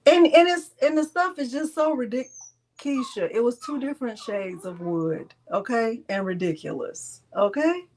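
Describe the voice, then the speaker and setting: A woman's voice: on the high side, expressive, normal speed, a little mellow. Chatty, teasing craft host woman. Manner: teasing, chatty, laughs often. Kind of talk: casual live-stream chat.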